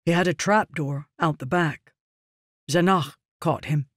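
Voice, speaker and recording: A man's voice: a little high, unhurried, a bit bright, dry recording, clean studio sound. Man voicing a stern honor-bound guard. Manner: firm, raised, earnest.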